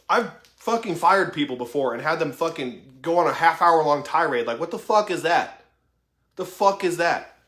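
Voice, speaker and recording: A man's voice: high-pitched, roomy sound. A man in his thirties giving an impassioned motivational monologue, swearing heavily in a raw, emphatic way. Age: 30s. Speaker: vlogger.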